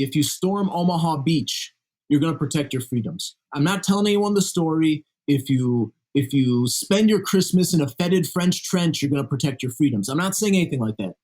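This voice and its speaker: A man's voice: a little high, darkish tone. A man being interviewed as a guest author, explaining his views in an earnest, conversational way.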